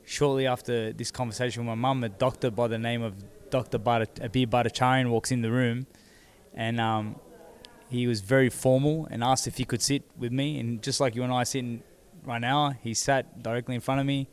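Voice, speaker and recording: A man in a seated interview, his voice smooth and clear and his pitch held fairly flat and even. He tells a personal story in a halting way, often repeating words before he goes on. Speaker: interview guest, former boxing champion.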